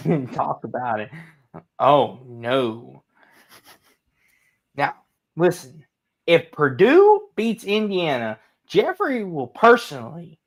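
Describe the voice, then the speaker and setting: A man's voice: mid-range voice, a bit bright. A young man co-hosting a casual sports livestream, teasing his friends and laughing as he talks. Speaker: co-host.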